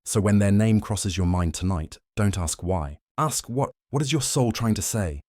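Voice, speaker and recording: A man reading a scripted motivational narration in a slow, measured, solemn way. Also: lowish voice, lively intonation, a little mellow, dry recording, studio quality.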